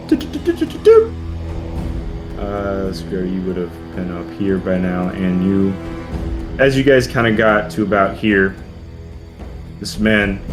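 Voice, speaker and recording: A man narrating a tabletop game as dungeon master, in a low voice that rambles and restarts. Music plays clearly behind him. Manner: rambling, many fillers and restarts.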